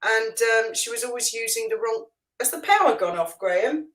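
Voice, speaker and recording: A woman's voice: on the high side, expressive, normal speed, fairly bright tone, rough recording. A woman chatting casually as a guest on a livestream, easygoing and self-deprecating. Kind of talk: casual chat.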